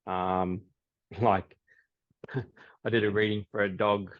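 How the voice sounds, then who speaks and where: A man, a psychic medium, telling stories in a relaxed podcast chat and laughing often. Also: on the low side, takes it slowly. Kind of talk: casual podcast interview. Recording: dull lo-fi audio.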